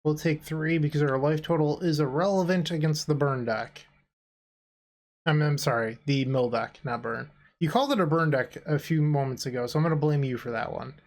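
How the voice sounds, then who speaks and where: A man's voice: on the high side, fairly even intonation, normal speed, a little mellow. A tired man co-hosting and commentating a card game he is playing, making dry sarcastic jokes in a casual chat. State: tired, yawning.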